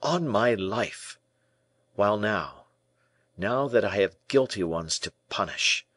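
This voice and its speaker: Young prisoner prince, pleading and distrustful, a guy reading him in a lowish, dry audiobook voice. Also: lively intonation, slow pace, fairly bright tone, breathy edge, dry recording, exaggerated voice. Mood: impassioned. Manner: pleading, impassioned, rising pitch. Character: young imprisoned male prince, anguished and distrustful.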